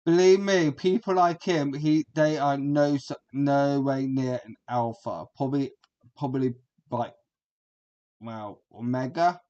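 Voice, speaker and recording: A man's voice: medium pitch, fairly even intonation, measured pace, mellow, highs cut off. A man, giving a rambling, crude and combative reaction commentary as a streamer.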